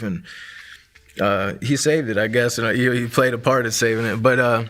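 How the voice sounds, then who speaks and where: Bright-toned man telling his testimony. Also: medium pitch, fairly even intonation, normal speed. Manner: conversational, many fillers like "like" and "man". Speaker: guest sharing a testimony. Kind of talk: casual personal testimony.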